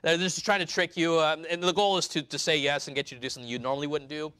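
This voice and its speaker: Bright-voiced conversational preacher, a man. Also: on the high side, fairly even intonation, quick pace, clean tone, no echo. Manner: conversational, explaining scripture verse by verse. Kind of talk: sermon.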